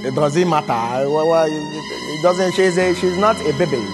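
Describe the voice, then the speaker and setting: A man's voice: a little high, moderate pace, close to an everyday voice. An actor playing a wealthy young Nigerian man who stammers and repeats his words. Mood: dismissive. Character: smooth-talking rich young man, Obed. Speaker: wealthy businessman. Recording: film scene with music score.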